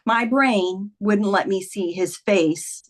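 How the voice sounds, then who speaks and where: A woman's voice: medium pitch, takes it slowly. A woman in her fifties, a podcast guest, earnestly retelling a personal story in conversation, with many "like"s.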